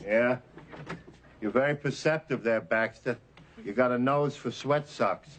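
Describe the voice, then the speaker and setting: A gruff, blustering police chief played by a man in a 1980s studio sitcom. He has an ordinary mid-range voice and a faint hiss behind it. He talks in a rough, joking way and gets flustered when caught out. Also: medium pitch, measured pace, lightly acted. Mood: mocking. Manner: gruff, joke-telling, flustered. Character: blustering middle-aged male police chief. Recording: studio audience laughter behind.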